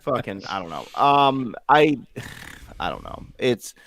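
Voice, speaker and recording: A man's voice: medium pitch, big pitch swings, slow, a bit bright. A man co-hosting a casual chat show who talks in a crude, laid-back way and swears often. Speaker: podcast co-host.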